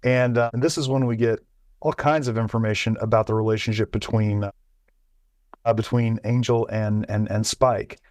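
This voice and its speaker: A man's voice: on the low side, steady tone, normal speed, a little mellow, no room sound. A man co-hosting a podcast in casual chat, talking in bursts full of restarts and repeated words. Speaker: podcast co-host.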